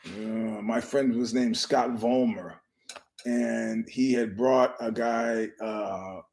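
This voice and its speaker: On his own podcast, a man rambles casually through stories, profane and meandering, restarting often and keeping his voice down so he won't disturb a filming nearby. His mid-range voice is steady, creaky and a little mellow, and he talks slowly.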